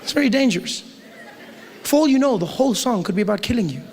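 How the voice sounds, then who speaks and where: A man from South Africa performing a stand-up comedy routine, animated and acting out angry crowds in a raised voice. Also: fast talker, over a noisy crowd, very noisy. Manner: animated, acts out shouting crowds in a high voice. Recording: live hall with reverb and faint ambience.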